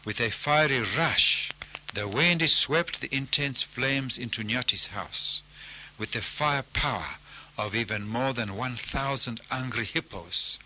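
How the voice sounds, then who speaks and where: A man narrating a folk tale in a measured, deliberate storytelling style. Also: mid-range voice, sharp tone, rough recording.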